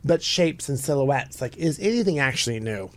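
A man hosting a podcast in casual chat, talking in an animated, playful way. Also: medium pitch, moderate pace. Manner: chatty, animated, playful storytelling. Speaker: podcast host.

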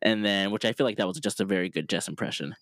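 A man co-hosting a podcast in casual chat, laughing often and cutting in with quick playful remarks. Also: fairly low pitch, a bit bright, no room sound. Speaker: podcast co-host.

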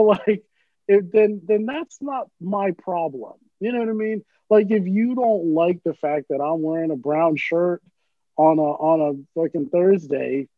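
A man's voice: a little high, no room sound. A man in casual chat, rambling and swearing freely, poking fun at himself. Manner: profane, rambling, self-deprecating. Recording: dry tinny phone-like sound.

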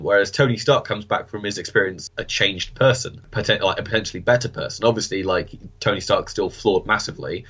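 A man's voice: lowish voice, a bit bright, slightly rough. A man co-hosting a film podcast, talking casually and leaning on "like" a lot. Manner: conversational, leans on "like". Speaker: podcast co-host. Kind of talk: casual film review chat. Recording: dull lo-fi mic.

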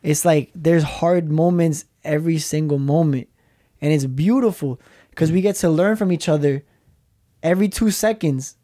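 Rambling man with a mellow voice. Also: fairly high pitch, normal speed. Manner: rambling, repeats words, acts out quotes. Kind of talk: casual faith chat.

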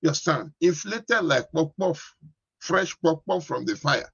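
A pastor preaches in a slightly raised, husky voice. He keeps circling back to the same questions and asks whether the congregation understands. The recording is dry and a little dull. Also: fairly high pitch, lively intonation, unhurried, fairly bright tone, no echo. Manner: repetitive, keeps asking "you understand?". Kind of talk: sermon.

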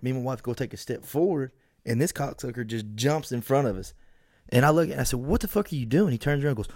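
A man's voice: medium pitch, fast, dry recording, studio quality. A man, co-hosting a podcast and telling a story with lots of swearing. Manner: profane, animated storyteller. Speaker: podcast co-host. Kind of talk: casual storytelling chat.

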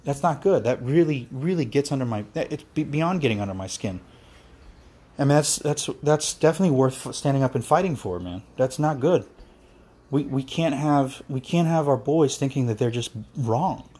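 A man's voice: medium pitch, expressive, moderate pace, a little mellow, slightly rough. A man on a podcast giving a heated, profane monologue, ranting with passion. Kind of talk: impassioned monologue.

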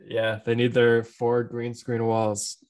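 A man's voice: mid-range voice, completely flat delivery, takes it slowly, a little mellow. Laid-back man chatting about movies. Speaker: podcast co-host. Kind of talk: casual movie chat.

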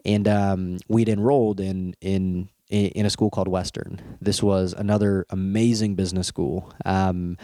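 Deep-voiced young man telling his story. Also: measured pace, few pauses, dry recording, studio quality. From Canada. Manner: candid, laughs often, repeats words when excited. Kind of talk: casual personal storytelling.

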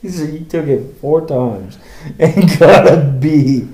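A man's voice: on the high side, animated, takes it slowly, crowd noise. A young man co-hosting a podcast, teasing and laughing in casual chat. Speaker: podcast co-host. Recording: echoey room.

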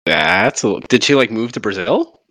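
A man co-hosting a casual sports chat podcast, animated and quick to laugh. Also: on the low side, dry recording. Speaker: podcast co-host.

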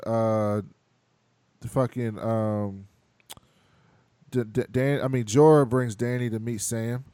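A man hosting a casual podcast, recapping scenes and acting out the characters' lines in quick voices, laughing often. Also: on the low side, dark tone, smooth, dry recording. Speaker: podcast host recapping a TV show. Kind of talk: casual chat.

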